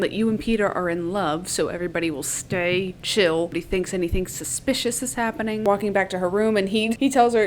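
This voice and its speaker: A woman's voice: medium pitch, a little fast, slight background noise. A woman with a Southern US accent, casually recapping a book in a chatty, swearing, playful way.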